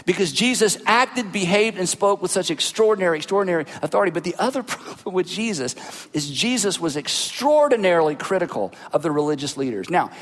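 High-voiced preaching man in a big hall. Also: fairly quick. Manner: animated preaching with rhetorical questions. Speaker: pastor. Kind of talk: sermon. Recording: long hall reverb.

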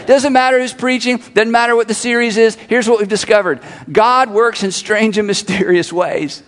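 A middle-aged male pastor with a notably high voice, preaching in an animated way and hammering his points home through repetition. His words ring out with a long reverb across a big church auditorium. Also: normal speed. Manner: animated, repeats phrases for emphasis, leads congregation in call-and-response. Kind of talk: sermon.

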